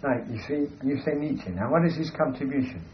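A man's voice: mid-range voice, animated, fairly quick, highs cut off, slight background noise. A man holding forth in an emphatic, lecturing way, often asking "you see". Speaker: speaker discussing language. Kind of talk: discursive monologue in conversation.

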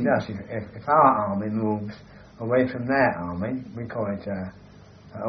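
A man's voice: medium pitch, a little hiss or hum. Lecturing man on a muffled recording. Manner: emphatic, lecturing, keeps asking "you see". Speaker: speaker discussing language. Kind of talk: discursive monologue in conversation.

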